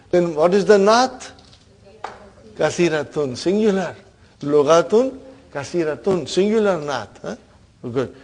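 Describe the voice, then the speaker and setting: A man leads an Arabic grammar class in a slightly high, gravelly voice. He drills the terms over and over and keeps checking with a quick "huh?". He encourages students who get answers wrong. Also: darkish tone. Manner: quizzing students, repeating terms, frequent "huh?". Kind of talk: classroom lesson.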